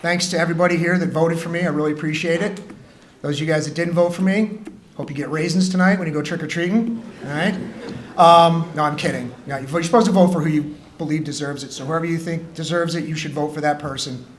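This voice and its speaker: A man, a high school teacher, telling a humorous personal story to students in a school gym, acting out the dialogue. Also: quick pace, a little hiss or hum. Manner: joking, animated storyteller who acts out dialogue.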